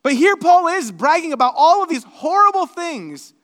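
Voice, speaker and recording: A male pastor preaching a sermon, animated and building to emphatic, shouted lists. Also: extremely high pitch, moderate pace, long reverb tail.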